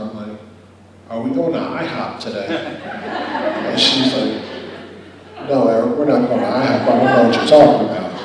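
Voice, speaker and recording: A young man with a somewhat low voice tells a personal story as a guest speaker, acting out the quoted lines with energy. He sounds far from the mic, and his voice rings in a large hall with a long reverb. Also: darkish tone, a little hiss or hum. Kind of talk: motivational storytelling speech.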